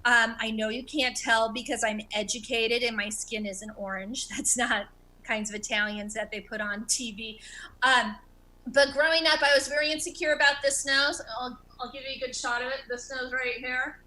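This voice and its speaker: Bright-voiced woman comic who stutters. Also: fairly high pitch, steady tone, moderate pace, a little hiss or hum, low-quality recording. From America. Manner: stutters, self-deprecating. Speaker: stand-up comedian. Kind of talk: stand-up set on a video call. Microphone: video call.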